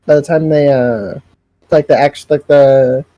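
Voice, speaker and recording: A man co-hosting a casual esports podcast, halting and repeating words as he works out his point. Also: mid-range voice, fairly even intonation, mellow, no echo, lo-fi sound. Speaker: podcast co-host.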